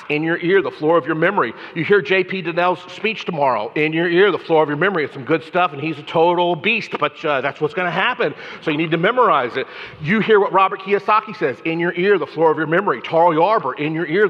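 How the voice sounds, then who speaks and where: A man speaks from a conference stage, his slightly high voice carrying an animated, repetitive cadence as he calls out to people in the crowd. The hall rings with a long reverb, and the recording has a dull, lo-fi edge. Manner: animated, repetitive, addresses audience members by name. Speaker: memory trainer giving a keynote. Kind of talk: energetic stage talk to a live audience.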